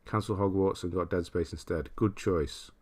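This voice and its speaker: On a laid-back livestream, a British man reads viewer comments aloud one after another, chatting loosely and laughing a lot. His voice is low and deep, slightly rough, and he speaks at a normal speed.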